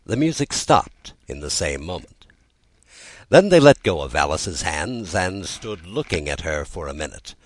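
Deep male voice reading a storybook, very lively up and down, dry close sound. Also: measured pace, no room sound, low-quality recording. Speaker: audiobook narrator. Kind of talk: storybook narration.

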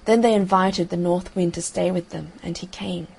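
A woman reads a classic fairy tale aloud in a calm, measured way. Her voice sits a little low, with a gravelly fry and a husky, breathy grain. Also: low-quality recording. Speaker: narrator. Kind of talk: audiobook reading of a fairy tale.

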